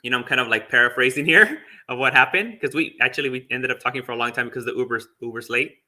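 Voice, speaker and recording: A man's voice: mid-range voice, quick pace, pushed and bright. A man who is a Buddhist monk telling a personal story in a chatty way, with fillers and small laughs. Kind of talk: casual storytelling talk.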